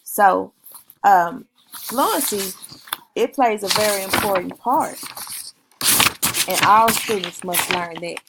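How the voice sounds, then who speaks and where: A woman giving a recorded class presentation, reading from notes with pauses, fillers and self-corrections. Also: mid-range voice, heavy background noise.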